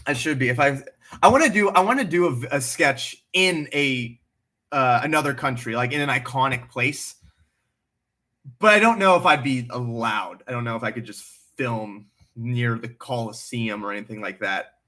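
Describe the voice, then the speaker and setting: Male livestream host, bright forceful tone, blunt and animated, swears freely, casual off-the-cuff chat. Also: mid-range voice, moderate pace.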